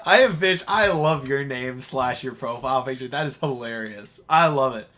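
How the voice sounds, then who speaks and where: Bright-voiced man in casual sports chat. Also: mid-range voice, moderate pace. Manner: rambling, hesitant, laughs often. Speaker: podcast co-host.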